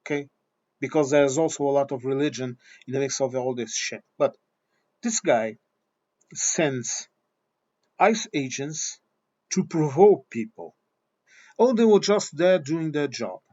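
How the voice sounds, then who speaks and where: A man's voice: mid-range voice, expressive, unhurried, pauses often, mellow. Blunt, swearing man on a dull recording. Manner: blunt, swearing, repeats himself. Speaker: vlogger. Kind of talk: opinion monologue.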